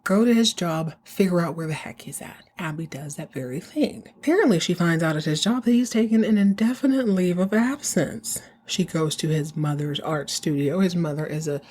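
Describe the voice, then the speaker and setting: A woman hosting a podcast, casually recapping a TV episode in an animated, slangy way and acting out the characters. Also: fairly low pitch, moderate pace, few pauses. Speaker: podcast host.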